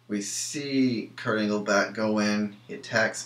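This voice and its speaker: A young man talks through a wrestling show on his own, rambling and blunt, with plenty of ums and false starts. His voice sits on the lower side and rings in an echoey room. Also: steady tone, measured pace, few pauses, fairly bright tone. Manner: rambling, many ums and restarts, opinionated. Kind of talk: casual solo review.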